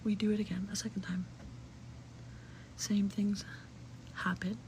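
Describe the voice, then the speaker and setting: A young adult woman telling a personal story in casual, chatty talk, full of "like" fillers, cursing, and hushed, whispery asides. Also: medium pitch, flat delivery, a little slow, slight background noise, low-quality recording.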